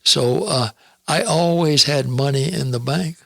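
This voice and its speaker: An elderly man in his nineties with a gravelly, husky voice, speaking up close in a dry room. He answers in a plainspoken, easygoing way, often with a soft chuckle. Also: fairly high pitch, unhurried, no echo. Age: 90s. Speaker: interviewee, host's father. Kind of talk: casual conversation.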